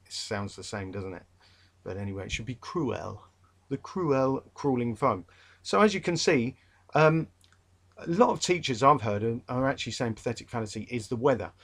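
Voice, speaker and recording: A man's voice: mid-range voice, big pitch swings, fairly quick, vocal fry, a bit bright. A man with a London accent giving a rambling, chatty revision talk to literature students, full of fillers and restarts, and emphatic about a pet peeve. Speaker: English literature tutor.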